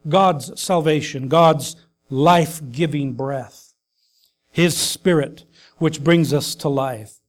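A pastor preaches a sermon while grieving his mother, earnest in tone, pausing with fillers and rising to emphatic calls. His voice is fairly high.

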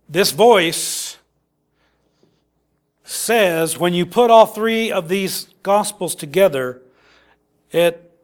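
A middle-aged man preaching a sermon in a conversational way, often repeating words and acting out the quotes he reads. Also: a little high.

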